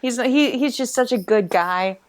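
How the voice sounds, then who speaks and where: A woman's voice: a little high, a little slow. A woman guesting on a podcast in casual chat, playful and jokey, slipping into silly voices.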